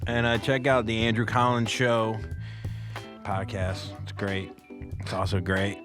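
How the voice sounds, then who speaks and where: A male comedian telling stories in a casual podcast chat, animated, laughing and swearing often. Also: lowish voice, a little slow, over music.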